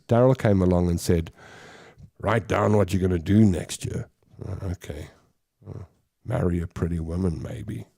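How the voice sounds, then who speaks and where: A man's voice: deep voice, creaky, dark tone, slightly rough. A man hosting a casual live show, chatting in a rambling way and reading out viewer comments. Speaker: show host.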